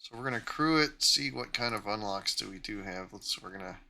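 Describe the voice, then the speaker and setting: Bright-voiced man giving game commentary. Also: fairly low pitch, lively intonation, a little fast, vocal fry, rough recording. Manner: casual, tactical play-by-play talk. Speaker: gaming channel host.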